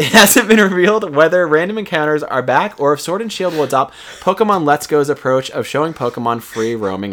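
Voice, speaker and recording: Young man podcaster reading gaming news. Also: on the high side. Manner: laid-back, reads news bits aloud. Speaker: podcast co-host. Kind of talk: casual chat and reading news segments.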